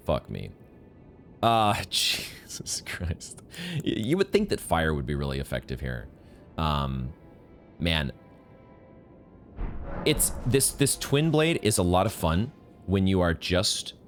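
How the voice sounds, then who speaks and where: A man playing a video game and commenting as he goes, swearing often and jumping up into high, angry yelling when things go wrong. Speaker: gaming streamer. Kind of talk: live gameplay commentary.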